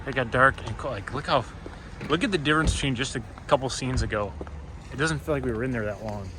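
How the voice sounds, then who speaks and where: A man's voice: medium pitch, fast talker. A young man talking casually to his phone camera for a vlog, rambling and correcting himself as he goes. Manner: rambling, chatty, self-correcting. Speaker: vlogger. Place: in a car. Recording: noisy car interior. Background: car and road noise.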